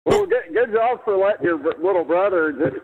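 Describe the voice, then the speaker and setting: A male caller heard through a thin, tinny phone line, his voice slightly raised and bouncing up and down as he talks. He sounds laid-back and jokey. The phone band strips out the lows. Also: expressive, moderate pace, husky. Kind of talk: call-in storytelling. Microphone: telephone.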